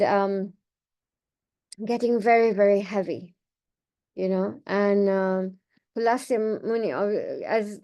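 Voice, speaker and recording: A woman's voice: mid-range voice, a little mellow. Woman casually retelling a sacred story. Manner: conversational, with fillers and restarts. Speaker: class speaker. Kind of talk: retelling scripture stories in a reading class.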